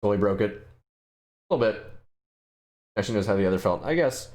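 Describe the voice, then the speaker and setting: A man's voice: fairly low pitch, lively intonation, brisk, a little mellow. Young guy streaming, goofing around with chat, voice bounces up and down a lot. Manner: joking, playful, talks to chat. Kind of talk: casual gameplay commentary.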